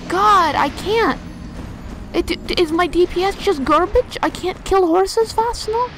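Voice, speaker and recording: Young woman, high voice, let's-play host. Chatty and self-talking, with easy frustration. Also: a little slow, noisy background. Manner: rambling, self-talking, exasperated. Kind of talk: casual gameplay commentary.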